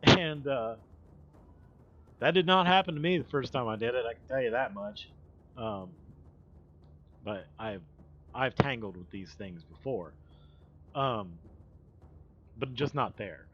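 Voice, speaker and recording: A man's voice: mid-range voice, expressive, measured pace, long pauses, a bit bright, highs cut off, faint music behind. A man hosting a livestream, telling stories in a rambling, profane, casual way with laughing asides. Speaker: livestream host. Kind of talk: casual storytelling chat.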